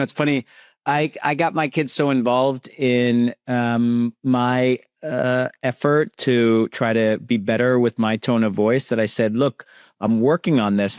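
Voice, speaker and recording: A man's voice: mid-range voice, a little mellow, smooth, no echo, clean studio sound. A man hosting a podcast interview, talking casually with many fillers and restarts. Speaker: podcast host.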